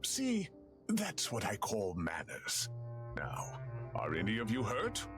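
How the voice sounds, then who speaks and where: Older gardening professor: fussy, lecturing, very animated delivery over music. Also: male voice, fairly low pitch, slow, exaggerated voice.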